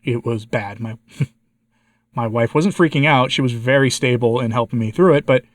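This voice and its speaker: Man, american, congested, a bit hoarse, candid vlog update, medium pitch, dry room. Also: moderate pace, no room sound. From United States. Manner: candid, frustrated, asking viewers for advice. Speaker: vlogger, channel host. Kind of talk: casual personal update to viewers.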